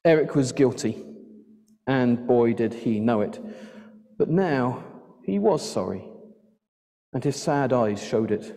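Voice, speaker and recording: A man reading a rhyming children's story aloud in a church, lively and expressive. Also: mid-range voice, slow pace, pauses often. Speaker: church children's address leader. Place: church sanctuary. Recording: long church reverb.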